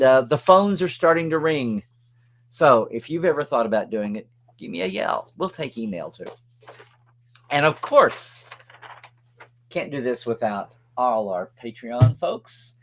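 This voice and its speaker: Guy hosting his web show, chatty and upbeat, pitch bouncing all over the place. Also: a little hiss or hum. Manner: chatty, upbeat, reads out supporter shout-outs. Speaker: show host. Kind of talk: casual web show chat.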